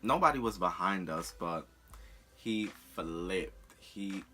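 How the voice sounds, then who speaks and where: A young man telling a personal story in a candid, profane, animated way on a storytime vlog. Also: sits low, takes it slowly. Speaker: vlogger.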